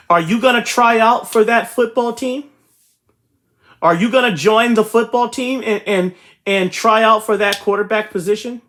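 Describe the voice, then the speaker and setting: A man's voice: very high voice, a bit bright. A man hosting a real estate channel, giving a motivational talk to his viewers and repeating his points emphatically. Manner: repetitive, emphatic, addresses viewers directly.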